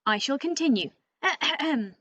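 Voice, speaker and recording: Give me a woman voicing a boastful, cheeky storybook raven in a high, lively voice, recorded dry and muffled. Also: unhurried, no echo. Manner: cheeky, bossy, talks straight to the listener. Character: cocky chatty male raven, boastful know-it-all. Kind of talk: storybook read-aloud.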